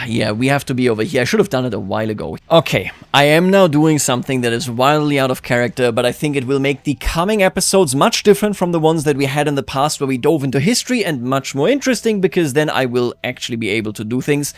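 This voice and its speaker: A man hosting a strategy game let's-play, chatting and musing aloud as he plays, his voice jumping up when excited. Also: dry recording. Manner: chatty, musing aloud, quick jumps of pitch and loudness. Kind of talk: game commentary.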